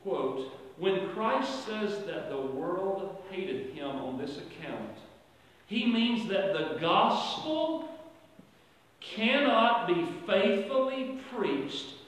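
A male pastor preaching a sermon, swinging from quiet asides to loud, drawn-out emphatic phrases. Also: high voice, animated. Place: church sanctuary. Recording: echoey church hall from far off.

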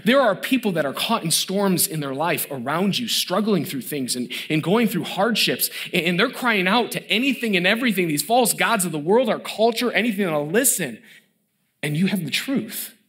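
A man in his thirties preaching a sermon as pastor, emphatic and building, dropping to a low hush on key words. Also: animated, normal speed.

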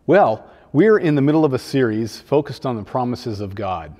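Man, children's pastor, sermon, mellow warm tone, conversational and lightly joking, long hall reverb. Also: medium pitch, very animated, moderate pace, lo-fi sound. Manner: conversational, gently humorous preaching.

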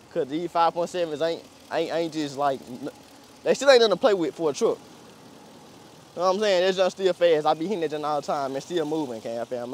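A man's voice: fairly high pitch, slight background noise. Slangy young man rambling about a truck. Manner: slangy, rambling, laughs often. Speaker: car vlogger. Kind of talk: casual vlog walkaround.

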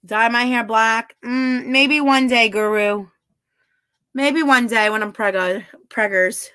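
A woman's voice: fairly high pitch, slow pace, bright, forceful tone, clear, resonant tone. A woman chatting casually on a live stream, answering her chat bluntly and swearing freely. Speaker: livestreamer reading chat.

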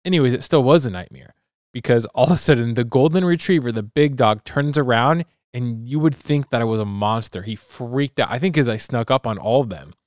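A young man co-hosting a podcast, telling a story in a loose, rambling, animated way. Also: mid-range voice, fairly quick, dry recording, clean studio sound. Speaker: podcast co-host. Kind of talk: casual chat.

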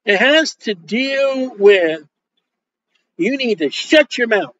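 A high-voiced male preacher tells jokes through his sermon and acts out the lines of people in his stories. The recording is dull and lo-fi. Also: takes it slowly. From Polish Roman Catholic upbringing. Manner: joking, animated, acts out quoted dialogue. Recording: dull lo-fi sound.

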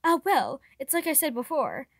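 A woman reading aloud and voicing a gentle, protective young prince who speaks reassuringly. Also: sits high, huge pitch swings, normal speed, no room sound, clean studio sound, full character voice.

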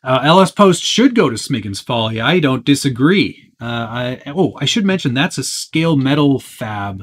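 A man hosting a live Q&A stream in a relaxed, chatty way. He answers viewer questions as they come in, with a lot of ums and uhs and easy asides. His voice sits in an ordinary middle pitch. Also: normal speed, few pauses. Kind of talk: casual live-stream chat.

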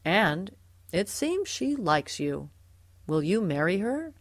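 A woman's voice: fairly low pitch, sing-song, slow pace, dry recording, clean studio sound, exaggerated voice. A woman voicing a fussy, anxious father mouse in a storybook, calling out eagerly and stammering at times.

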